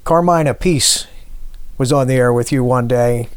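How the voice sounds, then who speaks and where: A man interviewing, speaking in a measured, reflective way. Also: medium pitch, clear, resonant tone, no echo.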